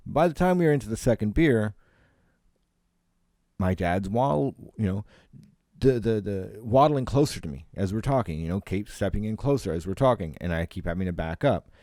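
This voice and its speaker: Man, from Canada, comedian podcast host, rambling casual talk, mellow tone, dry close recording. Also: lowish voice, expressive, normal speed, no room sound. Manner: rambling, swears a lot, lots of fillers. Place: at home. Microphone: home podcast microphone.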